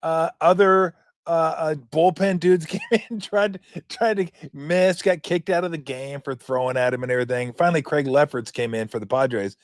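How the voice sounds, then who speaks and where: A man's voice: fairly high pitch, moderate pace, no room sound, studio quality. A man in his fifties hosting a sports talk show, commenting in a rambling, joking, profane way. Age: 50s.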